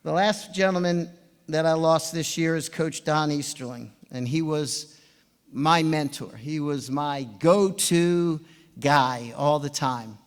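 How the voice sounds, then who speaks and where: A swim coach in his seventies gives an induction speech, animatedly spinning anecdotes and chuckling in a fairly high, clear, resonant voice. He takes it slowly, and the large conference hall leaves a long reverb trailing each phrase.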